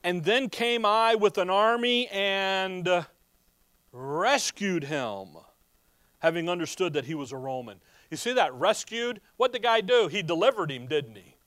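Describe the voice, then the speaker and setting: A man delivers a sermon at a slow, deliberate pace in a fairly high voice. He asks his listeners questions, answers them himself, and moves between emphatic bursts and quiet asides. The recording is dry and close, with no room sound. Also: animated, no echo. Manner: reads scripture aloud slowly. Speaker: preacher. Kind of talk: expository sermon.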